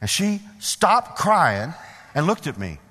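A middle-aged male preacher giving a sermon in a church, folksy and animated, putting questions to the congregation. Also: on the high side, takes it slowly. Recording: long hall reverb.

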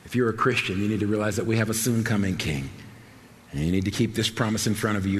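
A man preaching a sermon with passion, swinging between soaring, shouted lines and hushed, quiet ones. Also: lowish voice, quick pace. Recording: long hall reverb, faint background noise.

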